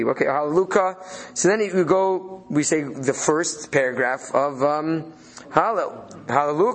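Husky man leading a text study. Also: fairly high pitch. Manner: reads Hebrew phrases then translates, thinking aloud. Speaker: Torah study leader.

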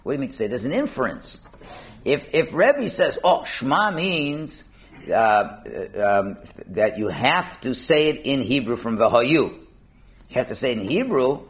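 A man's voice: mid-range voice, big pitch swings, moderate pace. A man explaining a Talmud passage, asking and answering his own questions and mixing in Hebrew and Aramaic terms. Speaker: Talmud teacher.

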